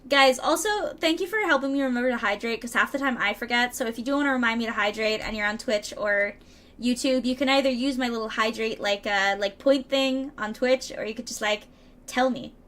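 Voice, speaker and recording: A woman with a slightly high, somewhat bright voice streams a tarot reading at a fairly quick pace. Chatty and playful, she reads card meanings and texts aloud and riffs with her viewers, often tripping over words and laughing at herself.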